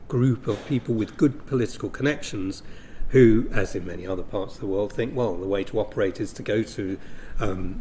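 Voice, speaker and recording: A man giving a business briefing presentation, measured and full of ums and self-corrections. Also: lowish voice, dark tone, a little hiss or hum. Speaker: briefing speaker on investment.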